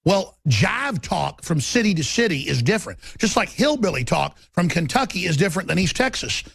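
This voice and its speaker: Gravelly, raspy ranting talk radio man. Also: high-pitched, big pitch swings, normal speed, fairly bright tone, no room sound, clean studio sound. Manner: combative, ranting, emphatic.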